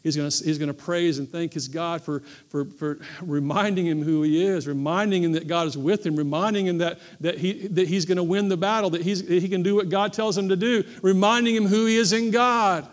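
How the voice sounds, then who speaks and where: A man with a notably high-pitched voice preaches a sermon as pastor of a church. He drives his points home through emphatic repetition and calls on the congregation to answer him. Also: steady tone, brisk, few pauses, darkish tone. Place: church service.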